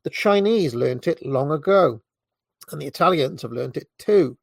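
A British man reading a book aloud in a measured way, now and then stumbling and correcting himself, with short asides of his own. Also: on the high side, lively intonation, gravelly, slightly rough, no room sound. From Britain. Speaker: reader.

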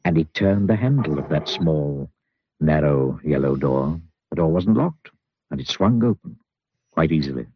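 A man narrating a children's storybook with expressive, drawn-out emphasis. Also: very deep voice, slightly rough, no echo. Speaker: audiobook narrator. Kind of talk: storybook reading. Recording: muffled recording with soft music.

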